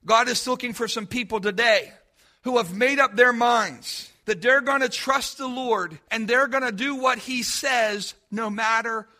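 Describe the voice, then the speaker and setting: A man's voice: extremely high pitch, sharp tone. A man preaching a sermon as pastor, with an emphatic, repetitive cadence.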